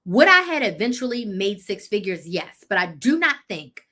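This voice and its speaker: A woman in her thirties hosts a live chat as a business coach, her voice bright and forceful. She tells her story bluntly and with animation, stopping to correct herself on dates and details. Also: medium pitch, sing-song, normal speed.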